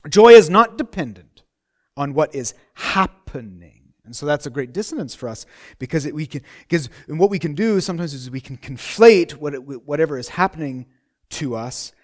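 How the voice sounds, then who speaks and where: A man's voice: on the high side, expressive, normal speed, darkish tone. A middle-aged man preaching a sermon in a conversational way, repeating phrases and asking rhetorical questions.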